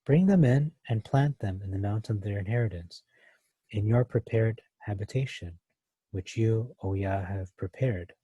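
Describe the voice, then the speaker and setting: A man's voice: on the low side, normal speed, warm tone, slightly rough, no echo, lo-fi sound. A man teaching a verse-by-verse Bible study, thinking aloud with many fillers and restarts.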